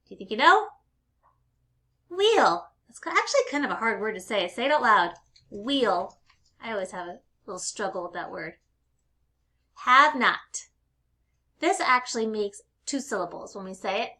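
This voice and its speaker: Young woman teacher talking to little kids, bright voice, playful, stretches words out. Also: on the high side. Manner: upbeat, playful, exaggerated sounding-out of words. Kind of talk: recorded lesson for young children.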